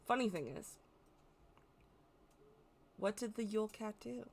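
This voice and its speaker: A woman's voice: medium pitch, animated, unhurried, gravelly. An American woman explaining folklore in a casual, chatty way, correcting herself as she goes and adding playful asides. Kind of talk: casual educational talk.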